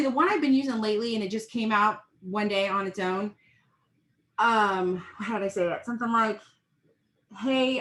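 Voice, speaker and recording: A woman's voice: a little high, a bit bright. Chatty woman in an echoey room. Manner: rambling, chatty, encouraging. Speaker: network marketing team leader. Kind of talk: casual live video pep talk.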